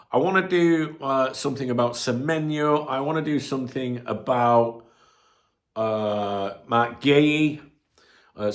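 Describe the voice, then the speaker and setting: A man from the UK hosting a casual morning football vlog at home, chatty and swearing freely, with a chesty cold that has him clearing his throat. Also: mid-range voice, fairly bright tone. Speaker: football channel host. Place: indoors at home. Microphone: camera on tripod.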